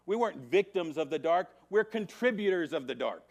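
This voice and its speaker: Gravelly, higher-voiced male Bible teacher. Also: expressive, a little fast. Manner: dramatic swings from hushed to loud emphasis; repetitive, emphatic preaching cadence. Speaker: Sunday school teacher.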